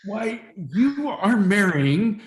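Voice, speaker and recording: A man reading the part of a gentle father of the bride, soothing and measured, in a staged play reading. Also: sits high, big pitch swings, full character voice. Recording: echoey room.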